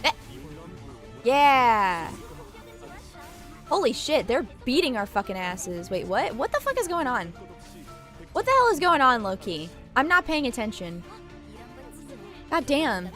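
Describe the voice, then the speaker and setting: A woman's voice: a little high, big pitch swings, takes it slowly, pauses often, a bit bright, faint music behind. A woman streaming a game, chatting casually and swearing as she reacts to it, on a desk microphone at home. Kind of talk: live let's-play commentary.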